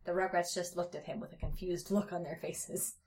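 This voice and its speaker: A woman's voice: lowish voice, steady tone, fairly quick, a little mellow, a little hiss or hum. A young woman podcast host who reads fan fiction aloud and breaks off with sarcastic, laughing asides. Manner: sarcastic, laughing, casual swearing.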